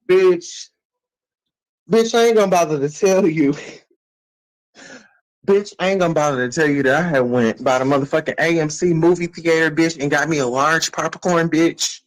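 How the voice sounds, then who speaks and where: A woman vlogger telling stories in a casual, profane rant that bursts into shouting. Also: sits low, moderate pace, rough recording.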